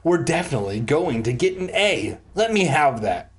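A man voicing a frantic, excitable teenage girl ghost hunter in a comic reading of a children's spooky story, shrieking and breathless. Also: a little high, normal speed. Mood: thrilled.

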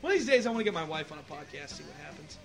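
Racing along in a creaky, sing-song voice on the high side, this married adult co-host keeps his podcast chat loose, swearing freely and laughing in between.

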